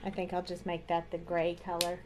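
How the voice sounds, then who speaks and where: A woman's voice: on the low side, completely flat delivery, fairly quick, noisy background. A woman hosting a live card-making tutorial, chatting casually as she talks through each coloring step at her craft desk.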